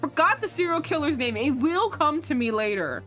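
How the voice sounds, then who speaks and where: A young woman with a fairly high voice, chatting through a let's-play stream. She reacts loudly and profanely, dropping into low grumbles between bursts of alarm. Soft game music plays faintly behind her. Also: normal speed. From United States. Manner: excitable, profane, swings between shrieks and low mutters. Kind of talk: casual let's-play commentary.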